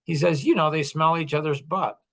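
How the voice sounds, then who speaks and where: A man's voice: a little high, steady tone, fairly quick, vocal fry, fairly bright tone. Rambling middle-aged man telling a story. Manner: rambling, conversational, with many restarts and asides; earnest and apologetic. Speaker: podcast host. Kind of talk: casual storytelling monologue.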